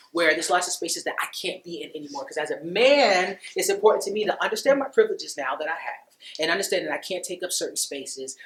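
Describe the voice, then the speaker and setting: A man with a bright, forceful voice, heard in an echoey room, tells a personal story to a dinner audience. His delivery is conversational and loose, full of "you know" and quick laughs. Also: high-pitched. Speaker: speaker at a dinner talk.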